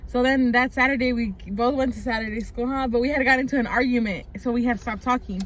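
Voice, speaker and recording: A woman's voice: a little high, fairly even intonation, fast, hardly any pauses. A young woman telling stories casually on a couple's vlog, chatty and full of "like" and "um". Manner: chatty storyteller, many "like"s and "um"s. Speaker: vlogger. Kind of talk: casual chat. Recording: light background noise.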